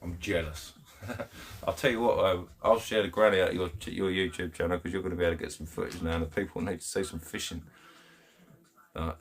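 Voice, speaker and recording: A man with an English accent talks straight to his live stream viewers from home. His voice sits a bit low, and he is blunt and chatty, full of slang, with frequent laughs. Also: fairly even intonation, brisk, vocal fry. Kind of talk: casual live stream chat, reading comments. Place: home, indoors.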